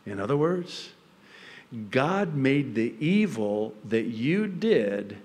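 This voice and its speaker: A male pastor preaching a sermon, telling the story in a lively way and acting out the characters' quoted lines. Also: mid-range voice, slow. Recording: long reverb of a large hall.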